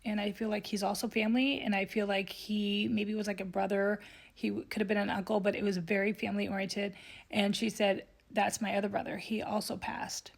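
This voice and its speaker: A woman, a psychic medium, telling a personal story in a vlog, earnest and tearful, often dropping to a soft whisper. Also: mid-range voice, flat delivery, a little fast, vocal fry.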